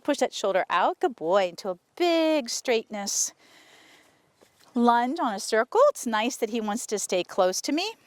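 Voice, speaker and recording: A woman horse trainer talking casually to her viewers while working a horse outdoors, often breaking off to softly praise the horse. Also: on the high side, very animated, a little slow, no room sound. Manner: chatty, soothing praise to the horse. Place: outdoor arena.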